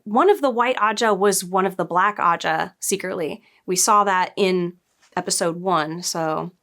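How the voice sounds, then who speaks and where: A woman's voice: medium pitch, fairly bright tone. A young adult woman casually reviewing a TV episode, retelling scenes in a chatty way with quoted lines and asides. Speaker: show reviewer.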